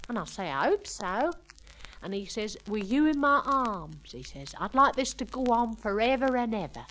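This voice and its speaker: Woman putting on a breathless young working-class girl gossiping about her night out at the dance, rough slangy grammar, lively and fairly high voice, reeling off a comic monologue on a vinyl record. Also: normal speed, slight background noise, low-quality recording. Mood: gossipy. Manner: ungrammatical cockney-style chatter, "we done", "I says".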